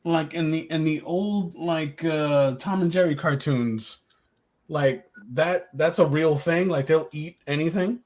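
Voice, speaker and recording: A man, a guest artist on a live stream, asking halting, rambling questions in casual chat. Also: a little high, a little mellow.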